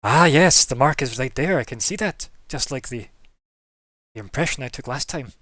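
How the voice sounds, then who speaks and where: A man voicing an excitable, flippant gnome tinkerer in a tabletop game, eager and theatrical. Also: medium pitch, normal speed, no room sound, clean studio sound, lightly acted.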